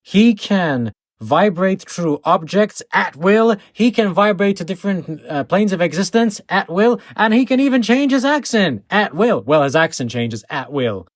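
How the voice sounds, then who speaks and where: A man's voice: sits high, very animated, unhurried, no echo, studio quality. A man hosting an improvised comedy podcast, with a mock-serious announcer delivery. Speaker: podcast host.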